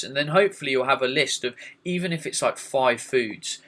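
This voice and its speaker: A man hosting a casual podcast, giving practical advice in a relaxed way. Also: mid-range voice, fairly quick, hardly any pauses. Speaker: podcast host.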